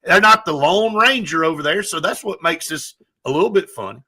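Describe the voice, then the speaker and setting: A man hosting a sports talk show, his voice bright and forceful and pitched a little high. He tells stories with a lively, opinionated edge in casual conversation. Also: fairly quick, husky. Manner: animated, opinionated storyteller.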